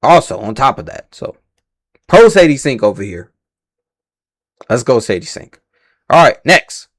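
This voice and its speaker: A man's voice: mid-range voice, sing-song, a little slow, a bit bright. A man hosting a casual livestream reaction, rambling and slangy, swearing freely and stumbling over names. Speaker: livestream host reacting to casting news.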